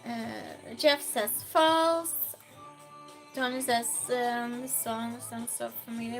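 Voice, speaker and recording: Woman streamer hosting a quiz, high voice, unhurried, reads chat aloud, switches between loud and hushed. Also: steady tone, faint music behind. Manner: reads chat aloud, slow and chatty, swings between loud outbursts and soft near-whispers. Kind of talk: casual live-stream chat.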